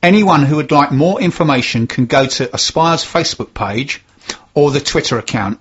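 A man's voice: medium pitch, lively intonation, brisk, husky, lo-fi sound. A man presenting on local radio, steadily reading community announcements and carefully spelling out details.

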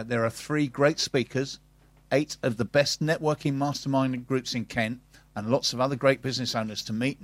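A man's voice: mid-range voice, no room sound. Guy hosting a radio show, upbeat, reads event plugs, dry studio sound. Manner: upbeat, enthusiastic plugging. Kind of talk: casual radio chat and read-out announcements. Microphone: studio mic.

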